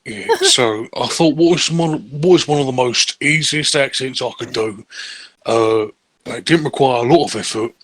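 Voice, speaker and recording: A man's voice: medium pitch, moderate pace, fairly bright tone, no echo. Joking English man rambling. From England. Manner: joking, rambling and laughing at his own lines. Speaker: player. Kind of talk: casual chat during a streamed game break.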